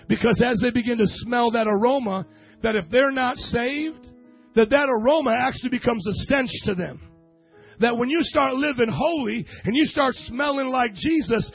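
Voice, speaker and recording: Male pastor, sermon, high voice, husky, emphatic call-and-response, lo-fi recording, faint music. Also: moderate pace.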